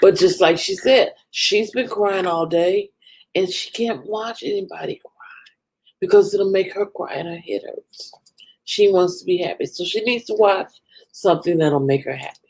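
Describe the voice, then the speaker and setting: A woman hosting a live stream, tearful and crying as she talks to her viewers, apologetic and emotional, pausing often and sighing. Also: lowish voice, darkish tone, slightly rough, rough recording. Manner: slow, emotional, apologetic, drawn-out pauses and sighs. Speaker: livestream host.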